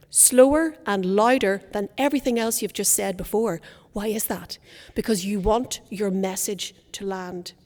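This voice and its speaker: A woman leads a speaking workshop with a fairly high voice. Her diction is crisp and precise, and her emphasis is theatrical. The sound carries the long reverb of a large conference hall. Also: darkish tone. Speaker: speaking coach.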